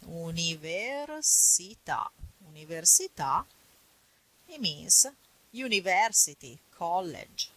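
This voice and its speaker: Italian-accented woman teaching a language class, slow and patient, bright tone, a little low-pitched. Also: rough recording. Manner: patient, repeats words slowly. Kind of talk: classroom grammar lesson.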